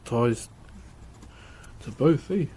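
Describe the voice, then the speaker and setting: A man's voice: medium pitch, lively intonation, drawn-out words, mellow, slight background noise. A man with a New Zealand accent chatting casually on a livestream while woodcarving, laid-back and laughing often as he greets his chat.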